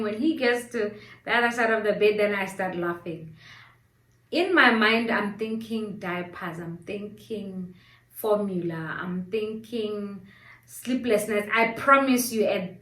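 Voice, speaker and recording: A woman's voice: mid-range voice, far from the mic. A woman in her thirties telling a personal story in a casual vlog, acting out her gasps and crying. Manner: animated, acts out her own crying and gasps. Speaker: storyteller vlogger. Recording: echoey room, set back from the mic.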